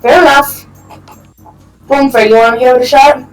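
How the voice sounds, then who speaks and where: A woman's voice: sits high, fairly even intonation, normal speed, distant mic, poor audio. A woman playing in a role-play game, making dry wisecracks. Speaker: player.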